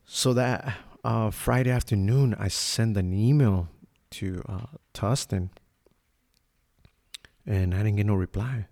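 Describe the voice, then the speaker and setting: Low gravelly dude just shooting the breeze on his podcast, swearing a lot, dark tone. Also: takes it slowly, long pauses. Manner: profane, laid-back, acts out quotes. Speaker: podcast host. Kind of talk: casual storytelling monologue.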